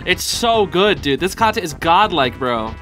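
A man's voice: on the high side, big pitch swings, moderate pace, a bit bright, faint music behind. A young man hosting a casual reaction video, laughing often and talking in loose slang full of fillers. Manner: giggly, filler-heavy slang talk.

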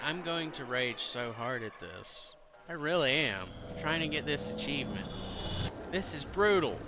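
A man's voice: medium pitch, lively intonation, a little slow, noisy background. A man giving gameplay commentary, exasperated and grumbling with mock-formal asides, his throat sore and coughing. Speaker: gamer.

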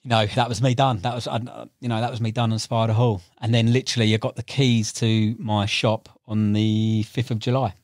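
A young carp angler, appearing as a podcast guest, tells fishing stories in a lowish voice, speaking briskly with few pauses. The studio-quality recording has no echo, and he is animated, acting out quotes and using plenty of fillers and slang.

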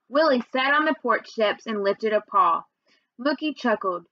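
A woman's voice: on the high side, animated, moderate pace, dry recording, dull audio. A woman teacher reading chapters of a novel aloud to her students, summing up first with many fillers before reading on steadily. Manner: recaps with many fillers, then reads steadily.

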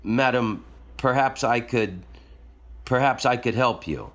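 A man's voice: mid-range voice, takes it slowly, a bit bright. A man reading as a shy, stammering young traveller. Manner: hesitant, stammering.

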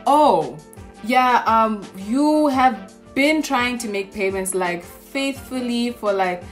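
Pushy scam caller man, as a young woman mimics him, slow and officious, stumbling on ums. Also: a little high, animated, faint music behind. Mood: droning. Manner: halting, full of ums, officious.

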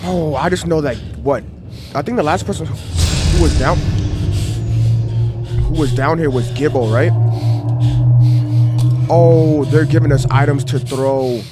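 A man streaming a horror game, talking excitedly to his chat with lots of slang. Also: fairly high pitch, measured pace, long pauses. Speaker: gaming streamer. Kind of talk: horror game let's play commentary. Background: game music.

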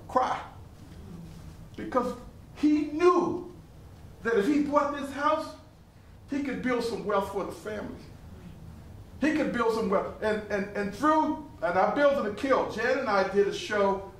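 A man's voice: sits high, a little hiss or hum. Older man telling stories in a hall. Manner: animated, laughing storyteller with repeated phrases. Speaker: living history performer and potter. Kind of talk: storytelling to a live audience. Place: museum hall with an audience. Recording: roomy hall, voice from a distance.

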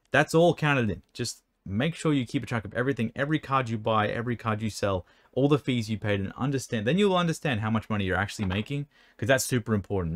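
A man's voice: medium pitch, no room sound. A man answering viewer questions about selling cards in casual chat, rambling and stumbling over words, his mouth dry and hiccuping. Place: indoor room by an air conditioner.

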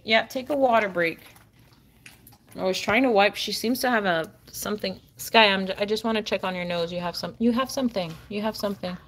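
A young woman hosting a casual livestream, cooing and encouraging her dog and swinging up high when she praises it. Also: bright, forceful tone.

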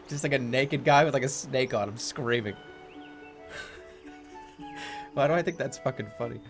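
A man's voice: mid-range voice, expressive, normal speed, pauses often, a bit bright, soft background music. A young man streaming a video game, rambling casually with lots of swearing and laughter. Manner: rambling, profane, laughs a lot. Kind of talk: casual let's-play commentary.

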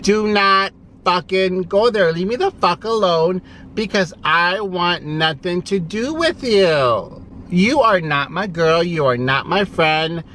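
Slow-talking, profane ranting man in a car. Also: sits high, expressive, a bit bright, a little hiss or hum. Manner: profane, sassy, exasperated ranting. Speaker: vlogger. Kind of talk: ranting vlog. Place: inside a parked car.

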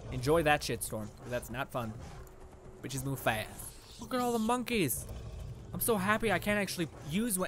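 A young man giving casual, excitable gameplay commentary, swearing a lot and yelling at enemies as he plays. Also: medium pitch, slight background noise. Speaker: let's play gamer.

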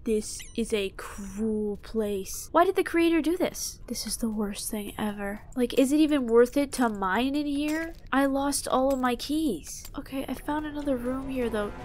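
A young woman giving excitable let's-play commentary, shrieking and yelping when startled and whispering when tense. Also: sits high, a little slow, hardly any pauses. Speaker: gaming YouTuber. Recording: game music behind voice.

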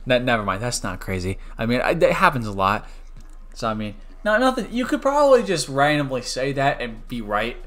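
A young man commentating his own online gameplay on a stream, joking and switching between loud outbursts and quiet mumbles. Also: medium pitch, big pitch swings, brisk. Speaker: gaming streamer.

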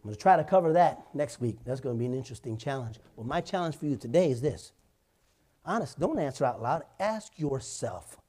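A man's voice: medium pitch, lively intonation, moderate pace, warm tone, husky. A male pastor preaching in church, telling stories conversationally and building to emphatic points. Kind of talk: sermon.

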